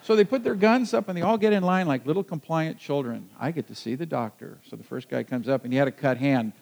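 A man telling a personal adventure story to a listener, lively and halting, with frequent restarts. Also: a little high, vocal fry, poor audio.

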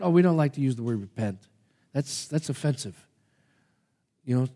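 A man preaching a sermon, reading scripture aloud and swinging from hushed asides to loud, emphatic passages. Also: mid-range voice, lively intonation, normal speed, long pauses. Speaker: pastor.

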